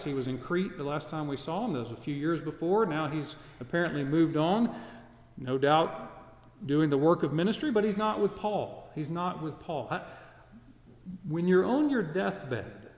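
A man preaching an expository sermon as pastor, earnest and emphatic, often repeating himself and restarting phrases. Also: fairly high pitch. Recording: echoey church hall with long reverb.

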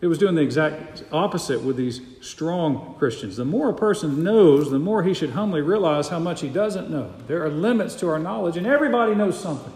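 A male pastor delivering a sermon in a resonant church hall, his voice sitting a bit high and swinging widely in pitch. He drives points home by repeating key phrases. The room's long reverb trails after each line. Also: animated, fairly quick, hardly any pauses, darkish tone. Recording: echoey hall.

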